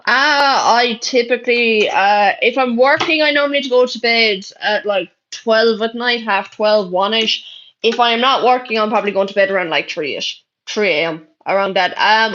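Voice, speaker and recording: A woman's voice: fairly high pitch, bright, forceful tone. A young Irish woman streaming live, reading chat messages aloud in brash, sweary casual talk. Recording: dull lo-fi stream audio.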